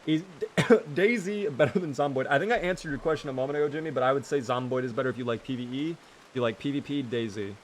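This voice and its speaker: Male streamer, casual live commentary, teasing and chatty, mid pitch, faint ambience behind. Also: fast talker, a little hiss or hum. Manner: chatty, teasing, talks to his character and chat.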